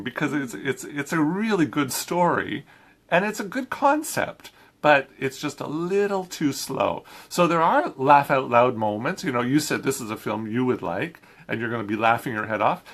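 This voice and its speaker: A man's voice: mid-range voice, fairly bright tone. A man reviewing a film in a casual chat, talking easily with frequent restarts and laughs. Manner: chatty, laughs often, many restarts.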